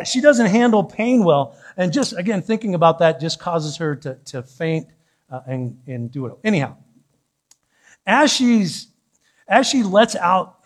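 Male pastor, higher register; playful, self-mocking sermon storyteller speaking in church. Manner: animated, joking personal storytelling with laughter.

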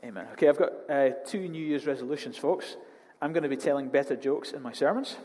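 A man preaches in a church hall, his voice slightly higher than most men's. His delivery is animated and jokey as he tells stories. A long reverb trails each phrase. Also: fast. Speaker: pastor. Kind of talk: sermon.

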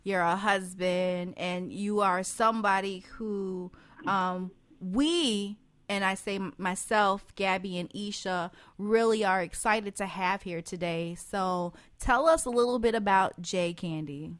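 A woman's voice: mid-range voice, unhurried. A woman hosting a radio talk show, chatting playfully and laughing often with her co-hosts.

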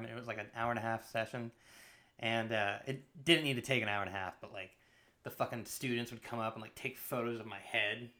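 A man's voice: mid-range voice, bright, forceful tone. A man in his late twenties co-hosting a casual podcast chat, telling a rambling story with lots of fillers and swearing. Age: late 20s. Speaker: podcast co-host.

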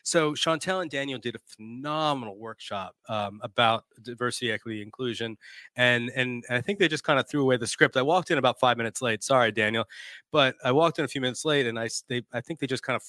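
A man's voice: medium pitch, fast, bright, forceful tone, no room sound, studio quality. A man hosting a casual live-streamed talk show, laughing often and reading out viewer comments. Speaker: podcast host.

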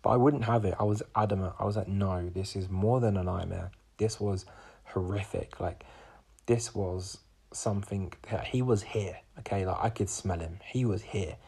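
A young man in his twenties, a podcast host, recounts a personal story in a loose, rambling way. His voice sits low and sounds gravelly and husky, and he keeps circling back with fillers and restarts. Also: normal speed, darkish tone. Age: 20s.

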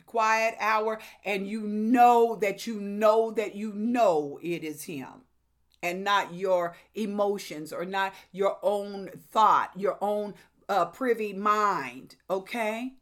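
A middle-aged woman preaching a sermon in an animated, exclamatory way, with sudden loud rises. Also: mid-range voice, slow.

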